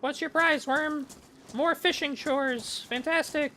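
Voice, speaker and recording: A man's voice: very high voice, fairly even intonation, slow pace, sharp tone, a little hiss or hum, pitched above the performer's own voice, full character voice. A man voicing a goofy male clown in an online game role-play, chirpy and talking about himself in the third person. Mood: playful.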